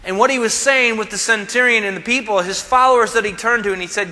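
A male pastor preaching emphatically in a church sanctuary, his voice high for a man and strikingly bright. He acts out the voices he quotes, and a long hall reverb hangs behind every phrase. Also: lively intonation, quick pace, few pauses. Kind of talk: sermon.

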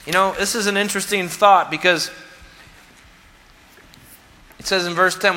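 Man preaching a sermon, emphatic, acts out the quotes, high bright voice bouncing around a big echoey church. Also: steady tone, normal speed, long pauses. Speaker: pastor. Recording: long hall reverb.

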